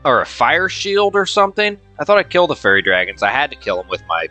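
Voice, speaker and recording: A man hosting a gameplay video, his voice bright and cutting, jumping across a wide pitch range as he curses at the game. He sounds a little tipsy and quick to lose his temper. Faint game music plays behind him. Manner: profane, excitable outbursts. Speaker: let's-play host. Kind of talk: casual gameplay commentary.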